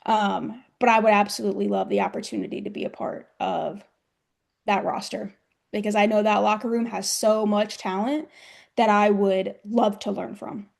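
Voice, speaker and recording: A woman's voice: mid-range voice, steady tone, normal speed, gravelly. A young woman from the United States, a professional wrestler, chatting in an interview and telling stories with frequent giggles. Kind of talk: casual interview chat.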